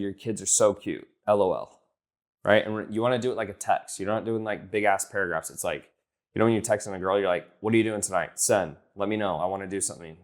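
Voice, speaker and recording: A young man giving blunt, casual coaching on sales, swearing easily and acting out text messages in a lifted voice. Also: on the low side. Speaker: business coach.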